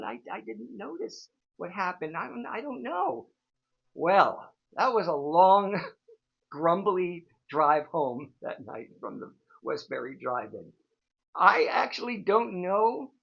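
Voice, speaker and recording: A man's voice: mid-range voice, pushed and bright, breathy edge, dull audio. A man in his sixties, a show host telling a casual, rambling story full of fillers. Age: 60s. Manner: chatty, rambling, frequent fillers.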